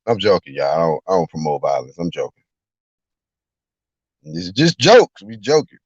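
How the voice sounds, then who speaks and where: A man ranting on a live reaction stream, mocking and animated, sometimes breaking into shouted impressions, in a car. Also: low voice, moderate pace, husky, dry recording. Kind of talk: profane live reaction rant. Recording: dull lo-fi dry recording.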